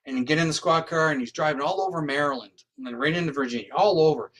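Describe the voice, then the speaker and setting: Canadian-born man as an interview guest, slightly raised pitch, rambling storyteller who voices the other people in his story. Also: fast talker, fairly bright tone. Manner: rambling, acts out quoted dialogue. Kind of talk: animated anecdotal storytelling.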